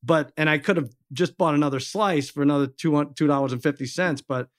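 A man guesting on a podcast tells a story against himself and plays up his own mock outrage. His voice is a touch higher than most men's. The sound is dry and close, with no room around it. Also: fairly quick, dry recording. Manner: self-mocking, plays up his own indignation. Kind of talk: casual storytelling chat.

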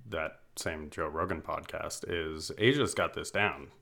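Deep-voiced man, easygoing. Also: a little slow, vocal fry. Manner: relaxed, filler-heavy, "you know". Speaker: podcast co-host. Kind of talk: casual chat.

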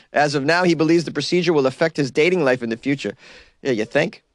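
A man's voice: on the high side, fast, dry recording. A male talk radio host giving casual, wisecracking commentary on news stories. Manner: wisecracking, laughs at his own jokes.

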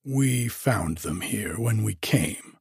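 A man's voice: lowish voice, lively intonation, slow pace, creaky, a little mellow, breathy edge, no room sound, studio quality, heavily acted. A man voicing a cheeky, chatty hotel porter who jokes and confides cheerfully, as a character voice in an audiobook. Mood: confiding.

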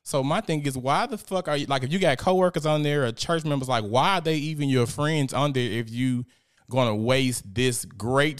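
A young man hosts a casual live stream, talking in an animated, profane way and reading out viewer comments. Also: mid-range voice, clear, resonant tone. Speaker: host.

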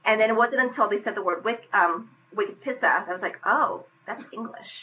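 A young woman from Western Massachusetts, a podcast guest chatting casually and quickly. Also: mid-range voice, highs cut off, a little hiss or hum.

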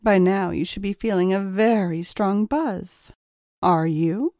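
A woman's voice: medium pitch, slow, mellow, dry recording, clean studio sound. A woman reading the part of a cunning, seductive female kidnapper in an erotic audiobook, with a teasing, cooing manner.

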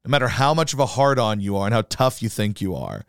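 A man hosting his own podcast, venting in a profane, mocking tone. His voice is smooth and clear, and his pitch swings around a lot. The sound is dry and close to the mic. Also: big pitch swings, fast talker, dry recording. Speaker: podcast host. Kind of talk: solo podcast rant.

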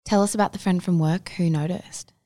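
A woman interviewer calmly asking prompting questions. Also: on the low side, brisk.

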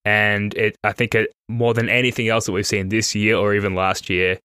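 A man's voice: on the low side, flat delivery, moderate pace, bright, forceful tone, clear, resonant tone, dry recording, studio quality. A man hosting a podcast, chatting in a rambling, self-correcting way that turns enthusiastic. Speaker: podcast host. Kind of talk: casual analytical chat.

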